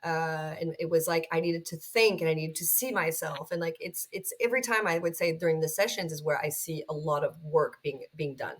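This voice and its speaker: A middle-aged woman, a podcast guest, talking about her own experience in an animated, storytelling way that acts out other people's voices. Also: deep voice, a little fast, few pauses, husky. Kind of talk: conversational podcast interview.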